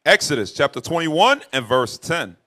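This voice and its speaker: A man reading scripture verses aloud in a measured, formal way. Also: fairly high pitch, very animated, pushed and bright. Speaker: scripture reader.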